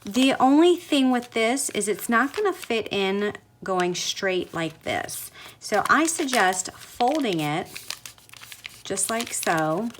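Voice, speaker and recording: A woman's voice: medium pitch, lively intonation, takes it slowly, a little hiss or hum. Chatty woman demonstrating a craft project. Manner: chatty, gushing over cute results. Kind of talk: step-by-step craft tutorial.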